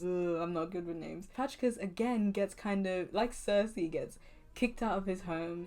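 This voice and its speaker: A woman's voice: fairly low pitch, dark tone. A young woman chatting casually and playfully about books she read, laughing often as she goes. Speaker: book vlogger. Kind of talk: casual book review chat.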